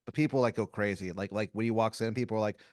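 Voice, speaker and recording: A man's voice: fairly low pitch, steady tone, fast talker, darkish tone, no echo, clean studio sound. A man narrating an improvised comedy story as game master, rambling with lots of "like" and restarts. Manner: rambling, full of "like" and restarts, many acted quotes.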